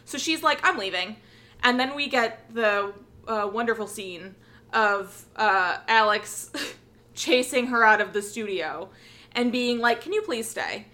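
A woman's voice: on the high side, lively intonation, measured pace, pushed and bright. A young woman co-hosting a podcast, recapping episodes in casual chat and acting out characters' lines with lots of swearing and laughter. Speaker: podcast co-host.

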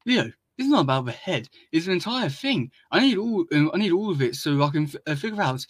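A man's voice: on the high side, very animated, brisk, husky, dry recording, pitched above the performer's own voice. A man voicing a frantic, anxious teenage male turtle inventor who stammers in a raised, panicky voice.

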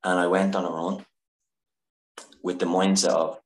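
A man's voice: sits low, flat delivery, a little slow. A man who is a podcast guest, telling an earnest, emotional personal story. He swears freely and often restarts his sentences. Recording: echoey room.

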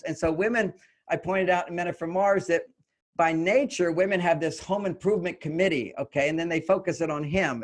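Higher-voiced older man explaining earnestly. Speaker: relationship author, guest. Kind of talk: conversational interview.

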